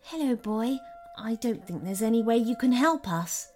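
Woman playing a sad trapped woman, storybook, soft, hesitant, sorrowful. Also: fairly high pitch, animated, moderate pace, soft background music.

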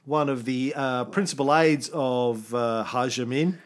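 A man's voice: mid-range voice, a little slow. A man co-hosting a casual history podcast, reading notes and tossing in jokey asides. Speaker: podcast co-host.

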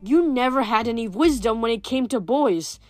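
A woman's voice: fairly high pitch, animated, moderate pace, a little mellow, soft background music, close to an everyday voice. A woman reading a book aloud, voicing a haughty teenage huntress who speaks in a formal, old-fashioned way. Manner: formal and archaic, curt.

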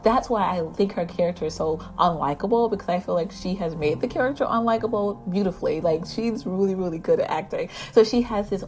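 A woman giving a casual, animated episode recap. She rambles with many fillers and keeps acting out the characters' lines. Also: fairly low pitch, brisk, hardly any pauses, soft background music. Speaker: drama recap vlogger.

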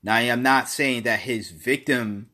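A man giving casual opinion commentary alone, halting and repeating words, then pressing his points with emphasis. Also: medium pitch, bright, forceful tone.

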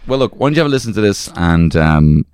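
A young man with a very deep voice co-hosts a crude comedy chat, rambling with fillers. His pitch swings widely, and the sound is close and dry. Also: sing-song, fast, darkish tone, smooth, no room sound. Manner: rambling, with frequent fillers and laughs. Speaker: podcast co-host.

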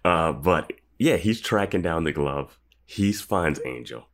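A man co-hosting a podcast in relaxed chat, chuckling while he nitpicks. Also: low-pitched, slow pace. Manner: laid-back, chuckles and nitpicks. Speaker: podcast co-host. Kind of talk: casual recap chat.

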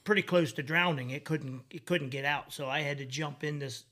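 A man's voice: on the high side, moderate pace, sharp tone. A man telling a story in a plainspoken, casual way, laughing at his own mishaps.

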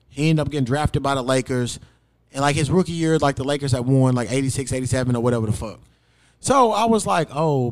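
A young man hosting a podcast, telling a long personal story in casual, profane chat and acting out quotes loudly. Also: medium pitch. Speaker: podcast host.

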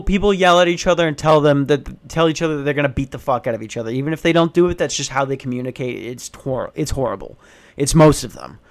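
Young guy ranting in a back office, lotta swearing, sarcastic, kinda high voice. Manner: profane, sarcastic, exasperated. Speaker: comedic ranter. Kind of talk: casual comedic rant.

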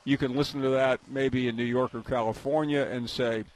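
A man's voice: mid-range voice, fairly even intonation, moderate pace. A man interviewing a guest in a casual sports conversation, asking questions in an inquisitive tone.

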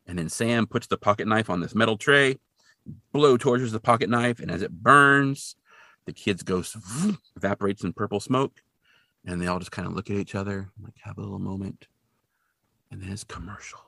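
A man's voice: fairly low pitch, moderate pace, gravelly, dry recording. A man co-hosting a podcast, casually recapping a TV episode and acting out the characters' lines as he goes. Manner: animated retelling, acting out quoted lines. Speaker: podcast co-host.

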